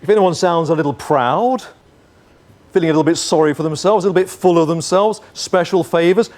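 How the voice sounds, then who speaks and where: A man preaching a sermon as pastor, earnest, moving between forceful lines and hushed ones. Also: a little high, fairly quick.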